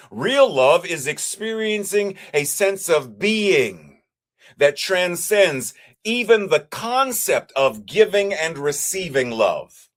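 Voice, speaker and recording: A man preaching as a minister, with a measured, repetitive cadence. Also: on the high side, fairly bright tone. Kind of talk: sermon.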